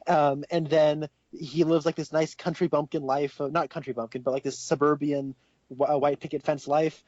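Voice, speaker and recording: A young man co-hosting a casual podcast chat, rambling and excitable, laughing often. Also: on the high side, moderate pace, no echo, lo-fi sound. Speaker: podcast co-host.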